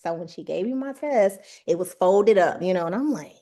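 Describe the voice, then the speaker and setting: A woman telling a story in a casual chat on a video call, animated and emphatic, acting out the voices of people she quotes. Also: on the low side, moderate pace, hardly any pauses. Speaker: guest sharing her exam success.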